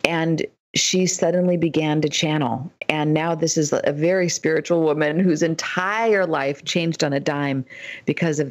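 A woman with a low-pitched voice speaks as a guest on a radio talk show. She tells her story with animation and acts out the quoted lines. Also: a little mellow, muffled recording. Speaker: guest, dream expert.

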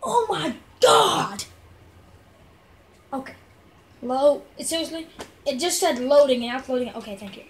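A young woman casually commenting on her gameplay, chatty and excitable, yelling at enemies now and then. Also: high voice, brisk, a little hiss or hum, rough recording. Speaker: gamer.

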